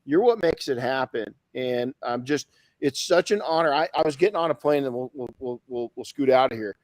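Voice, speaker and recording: A man's voice: medium pitch, a little fast, dry recording, rough recording. A man hosting a podcast in casual chat, enthusiastic and often repeating his words. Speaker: podcast host.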